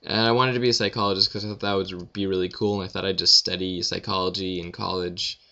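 A young man rambling through listener questions in a casual audio Q&A, with deadpan self-deprecating jokes. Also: sits low, quick pace, vocal fry, muffled recording. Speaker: vlogger answering questions.

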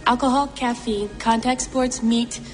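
A woman's voice: a little high, fairly even intonation, measured pace, soft background music, close to an everyday voice. A woman playing a prim rule-reciting woman. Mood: matter-of-fact. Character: prim woman listing forbidden things.

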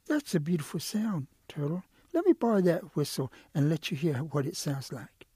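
A man's voice: fairly high pitch, sing-song, moderate pace, dark tone, husky, no room sound, clean studio sound, exaggerated voice. A man voicing an eager, sly male quail in a told animal story, talking in a pleading, wheedling way. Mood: excited.

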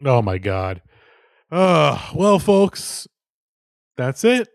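A man co-hosting a podcast in casual chat, animated and laughing often, with frequent restarts. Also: on the high side, extremely slow, gravelly, no echo, studio quality. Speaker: podcast co-host.

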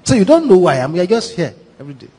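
A Nigerian man, a pastor, preaching a sermon with animated, repetitive, dramatic storytelling. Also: sits high, racing, breathy edge. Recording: echoey hall reverb.

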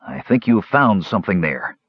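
A man voicing a strong, cautious male warrior, low and urgent, in a dull lo-fi audiobook recording. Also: big pitch swings, normal speed, breathy edge, no room sound, heavily acted. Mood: tense.

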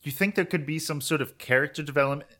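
Podcast guy going on about anime, bright edgy voice, rambly. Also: on the high side, fast. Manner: rambling, animated retelling with quoted voices. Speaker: podcast co-host. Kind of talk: casual chat about anime.

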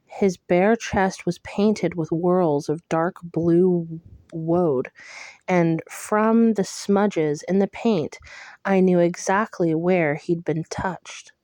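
A woman reading a first-person novel aloud in a hushed, intimate way. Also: lowish voice, takes it slowly, no room sound, clean studio sound. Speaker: audiobook reader.

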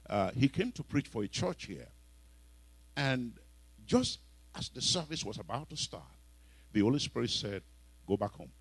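A man with a Nigerian accent preaching a sermon, telling stories and breaking into sudden loud exhortations. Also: mid-range voice, husky, low-quality recording.

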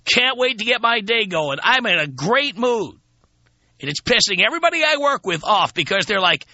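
Sardonic radio host with a bright voice. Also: male voice, sits high, big pitch swings, moderate pace, dull audio, faint music behind. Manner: sardonic, profane, self-mocking. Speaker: radio talk show host. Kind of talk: monologue to radio listeners. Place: radio studio. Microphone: studio microphone.

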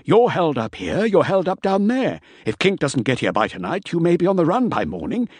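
A man putting on a sly, high-voiced army captain. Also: big pitch swings, moderate pace, darkish tone, husky, dry recording. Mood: coolly defiant. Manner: beguiling, polite, evasive. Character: sly, smooth-talking male African army captain. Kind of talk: audiobook character voice.

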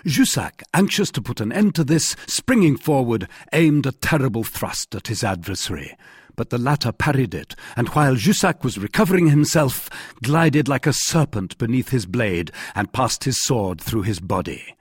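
A male audiobook narrator whose voice carries a husky edge. His pitch moves in a lively way, and the recording is dry and close. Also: moderate pace, dry recording. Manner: lively dramatic reading, rising pitch on quoted speech. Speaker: audiobook reader. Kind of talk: scripted narration.

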